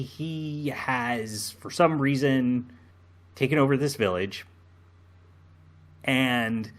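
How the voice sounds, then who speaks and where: A man co-hosting a casual podcast, talking slowly and hesitantly with many ums and restarts. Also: lowish voice, fairly bright tone. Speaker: podcast co-host.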